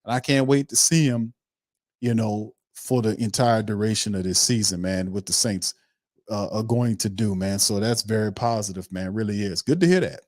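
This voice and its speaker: A man's voice: fairly low pitch, normal speed, a little mellow, no room sound, clean studio sound. A man hosting a football commentary show, talking emphatically and repeating himself, often tagging sentences with "man". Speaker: sports commentary host. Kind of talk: casual commentary on a played interview clip.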